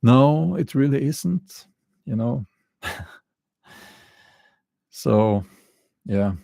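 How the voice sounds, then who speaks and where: A man with a non-native English accent, hosting a casual livestream and answering chat comments in a halting way, with many fillers and frequent chuckles. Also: medium pitch, expressive, gravelly, dark tone, no echo. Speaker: channel host answering live chat.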